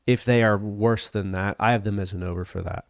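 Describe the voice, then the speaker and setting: Low-voiced male sports co-host. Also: fairly even intonation, brisk, creaky, dry recording, studio quality. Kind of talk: casual sports talk show.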